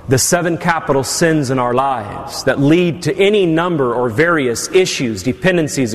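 A male priest giving a sermon to his congregation, with teasing asides. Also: a little high. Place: church. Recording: long church reverb.

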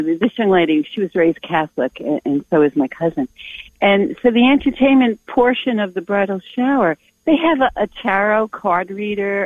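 A woman calling into a radio show, sounding concerned and earnest, a little hesitant as she explains. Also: fairly low pitch. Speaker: caller. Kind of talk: call-in radio caller. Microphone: telephone. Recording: tinny phone line, dry.

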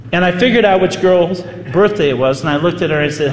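Animated male priest in an echoey hall. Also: sits high, fast talker, slight background noise. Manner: animated, vivid storyteller. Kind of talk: sermon storytelling. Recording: echoey hall, faint ambience.

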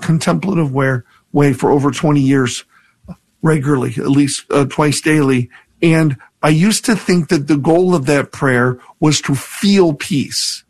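Earnest reflective priest on radio. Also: male voice, on the high side, gravelly. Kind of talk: call-in radio talk, reflective teaching.

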